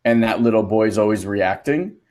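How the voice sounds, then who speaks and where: Male co-host and dad, lowish voice, earnest storyteller, casual podcast. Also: brisk, a little mellow. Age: adult, a father. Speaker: co-host and transformation coach.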